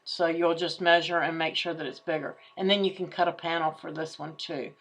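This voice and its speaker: Lady doing a craft software walkthrough, kinda low voice, chatty, thinks out loud. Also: little pitch movement, brisk. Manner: chatty, thinking aloud while clicking. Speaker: crafting tutorial host. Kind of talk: screen-share craft tutorial.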